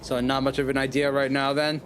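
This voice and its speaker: A man voicing a dry, unflappable detective in a game, speaking deadpan. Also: medium pitch, brisk, music in the background, voice pushed down, lightly acted.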